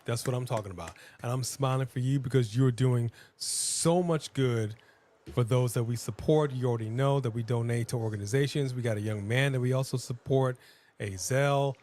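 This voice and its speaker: A man's voice: mid-range voice, moderate pace, a little mellow. A man co-hosting a live watch-along stream, talking casually and rambling with frequent restarts.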